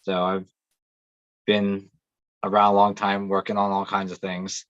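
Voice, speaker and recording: A man's voice: sits low, completely flat delivery, a bit bright, clear, resonant tone, dry recording. Matter-of-fact man on a dull call line. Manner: plain, matter-of-fact, with halting restarts. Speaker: podcast co-host, mechanic. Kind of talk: casual chat. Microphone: video call.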